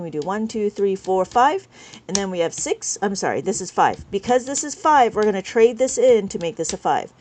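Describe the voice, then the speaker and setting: A woman's voice: medium pitch, a little hiss or hum. A woman teaching abacus math on a live stream, counting beads aloud patiently and chatting with her viewers between steps.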